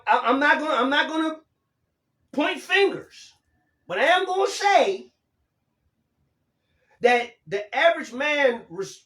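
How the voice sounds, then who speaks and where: This livestream host, a man in his fifties, reads and responds to viewer comments with emphasis and offhand swearing. His voice is high and a bit bright, and the audio is reverberant.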